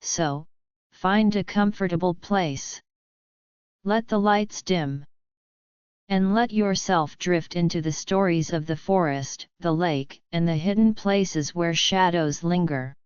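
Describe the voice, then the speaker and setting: Very slow, soft-spoken woman narrator. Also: on the low side, clean tone, no room sound, muffled recording. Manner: slow, soft, hushed and atmospheric. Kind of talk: calm bedtime horror narration.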